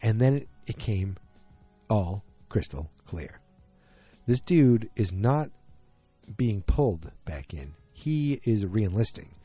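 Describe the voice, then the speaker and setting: Rambling man with a warm, low voice. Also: big pitch swings, slow, slightly rough, dry recording, faint music behind. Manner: rambling, many fillers and restarts. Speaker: podcast host. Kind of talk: casual solo episode recap.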